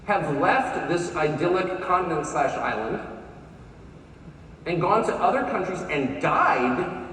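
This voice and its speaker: A man's voice: on the high side, big pitch swings, slow pace, fairly bright tone, slight background noise. A man, giving a sarcastic, mocking speech at a conference. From United States. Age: 50s. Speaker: conference speaker. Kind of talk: live speech to an audience. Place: large conference hall. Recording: echoey hall from far off, faint crowd.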